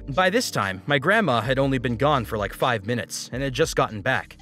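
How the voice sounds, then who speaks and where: A man's voice: mid-range voice, expressive, a little fast, few pauses, pushed and bright, faint music behind. A man reading online stories aloud, with wry asides. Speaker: story narrator.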